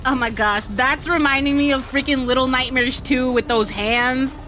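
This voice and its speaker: A woman streamer giving live reaction commentary, excitable and laughing often, her voice sounding strained. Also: sits high, moderate pace, a little hiss or hum.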